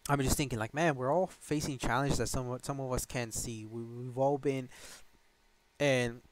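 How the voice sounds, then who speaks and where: A man's voice: medium pitch, fairly even intonation, moderate pace, no echo. Chatty man telling a personal story. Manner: rambling, many restarts, laughs often, addresses viewers as guys. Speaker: channel host. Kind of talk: casual storytelling while washing a car.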